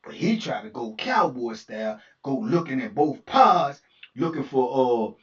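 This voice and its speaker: A man casually telling an animated, slang-filled story and laughing often. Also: medium pitch, a little slow. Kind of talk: casual anecdote. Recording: distant dull lo-fi recording.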